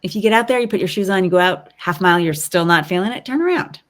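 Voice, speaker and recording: Talking very fast in a fairly low voice, this woman is a resilience expert appearing as a podcast guest. Her casual interview style is thoughtful and coaching, full of ums and rhetorical "right?"s.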